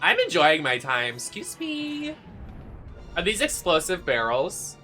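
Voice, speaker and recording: A game streamer giving campy, sassy, playful live commentary with loud gasps and squeals. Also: mid-range voice, very animated, moderate pace, faint music behind. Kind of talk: live let's-play commentary.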